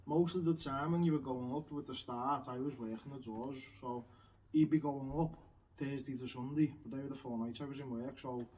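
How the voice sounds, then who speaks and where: A man's voice: mid-range voice, brisk, warm tone. A man chatting casually, rambling through anecdotes about getting a boat. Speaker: co-host. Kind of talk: casual chat. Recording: distant mic with faint noise.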